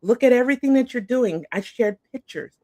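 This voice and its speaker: A woman's voice: fairly high pitch, lively intonation, fairly quick, a little mellow, no room sound. A middle-aged woman, a guest coach, chatting casually in a bubbly way and often saying "like" and "awesome.". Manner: bubbly, says "like" and "awesome" a lot. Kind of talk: casual interview chat.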